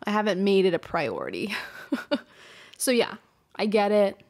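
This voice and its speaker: A woman's voice: medium pitch, sing-song, unhurried, vocal fry, long pauses, a little mellow. Candid, swearing young woman podcast host. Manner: candid, swears freely, restarts phrases. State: emotional, runny nose. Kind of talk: casual confessional monologue. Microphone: hot close mic.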